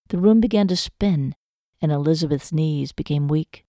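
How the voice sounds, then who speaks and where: A woman narrating a romance novel audiobook in a measured, emotive storytelling manner. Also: low-pitched, mellow, no echo, clean studio sound.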